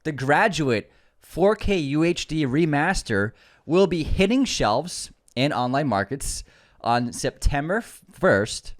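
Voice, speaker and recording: Sex: man. Role: podcast co-host. Style: news rundown read from notes. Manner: brisk, with relaxed asides. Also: on the high side. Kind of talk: reading out movie news items.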